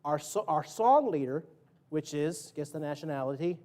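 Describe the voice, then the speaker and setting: A man's voice: fairly high pitch, lively intonation, moderate pace, warm tone. Joking, chatty male preacher. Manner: joking, conversational, quizzing the congregation; acts out quotes and sound effects. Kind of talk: sermon. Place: church sanctuary.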